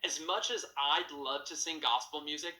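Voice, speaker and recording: A male vocal coach teaches a singing lesson in a very bright, clean, ringing voice of fairly high pitch, at a moderate pace. He lays out each technique in plain terms, shifting between explanation and brief sung demonstrations, and the roomy sound carries a clear echo.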